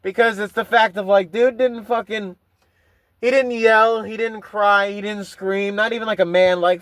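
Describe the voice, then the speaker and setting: A man's voice: sits high, fairly even intonation, moderate pace, sharp tone, no room sound. A man hosting a podcast, telling rambling, profane stories in a casual monologue full of restarts. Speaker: podcast host.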